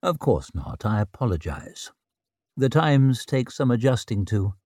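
Man doing a calm droning surgeon. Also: medium pitch, normal speed, no echo, studio quality. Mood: bland. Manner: murmuring, flat drone. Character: calm bland male surgeon.

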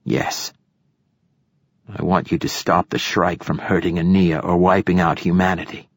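A man voicing an ancient, frail male poet who is imperious and profane, with a rasping, snappish delivery. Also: deep voice, flat delivery, a little slow, no room sound, exaggerated voice. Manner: snappish and formal.

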